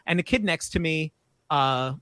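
Podcast guest: a man with a high, bright voice, full of swings and quick laughs, in a dry booth. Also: smooth, dry recording. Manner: animated, laughs often, acts out quotes. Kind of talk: casual storytelling.

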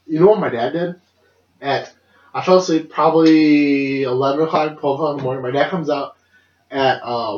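A man's voice: fairly high pitch, a little fast. A young man casually telling a long personal story on a podcast, rambling, laughing often and swearing freely. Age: young adult. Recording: dull lo-fi roomy recording.

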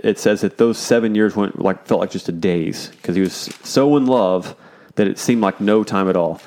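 A man's voice: on the low side, darkish tone. A man casually teaching through a Bible chapter, joking and paraphrasing in laid-back slang.

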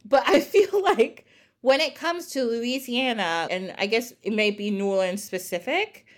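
A North Jersey woman hosts a podcast, chatting casually and telling stories at a measured pace in a slightly high voice. She's a giggly, chatty storyteller who laughs often.

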